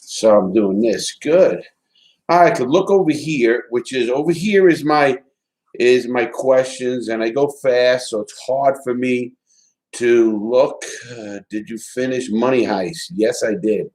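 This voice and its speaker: A man hosting a casual live stream, reading viewer chats aloud and talking loosely, swearing and repeating words in quick bursts. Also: mid-range voice, darkish tone.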